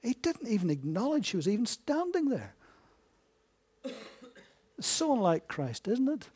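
A man preaching a sermon, asking his listeners rhetorical questions and swinging between hushed and emphatic delivery. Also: extremely high pitch, wildly swooping pitch, a little slow, slightly rough.

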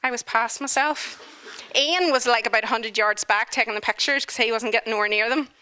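Woman, lively storyteller, bright and fairly high voice. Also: a little fast, clear, resonant tone. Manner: animated, chatty, full of fillers. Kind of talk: humorous personal storytelling.

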